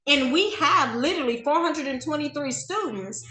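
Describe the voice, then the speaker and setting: High, bright-voiced woman telling a story. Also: normal speed, hardly any pauses, roomy sound. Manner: animated, emphatic, conversational. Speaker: talk show host. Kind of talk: storytelling to an audience.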